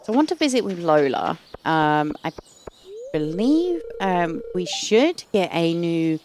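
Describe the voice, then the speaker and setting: Excitable woman doing game commentary. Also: on the low side, measured pace, slight background noise. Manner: excitable, gasping and gushing. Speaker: gaming channel host. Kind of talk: let's play commentary.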